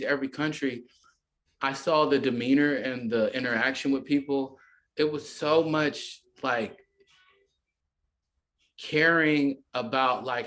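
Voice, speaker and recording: A man's voice: medium pitch, a bit bright. Rambling man in casual podcast chat. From United States. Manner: rambling, filler-heavy, often acts out quoted voices. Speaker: podcast guest, musician.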